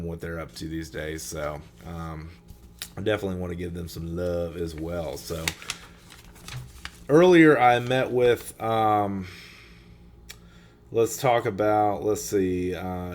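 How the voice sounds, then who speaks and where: A man's voice: sits low, a little mellow. A man hosting a casual solo podcast, rambling with many fillers and restarts while he is losing his voice. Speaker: podcast host. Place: fishing trade show.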